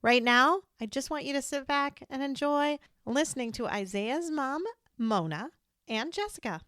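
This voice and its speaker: A woman's voice: high-pitched, lively intonation, moderate pace, fairly bright tone. A middle-aged woman hosting an interview podcast, chatty and upbeat as she talks with guests. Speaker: podcast host.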